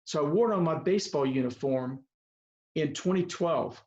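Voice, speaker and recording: A man's voice: a little high, normal speed, a little mellow. Earnest older man on a muffled video call. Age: 70s or older. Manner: earnest, heartfelt, rambling with restarts. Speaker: veteran high school baseball coach. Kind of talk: personal storytelling on a video call. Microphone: video call microphone.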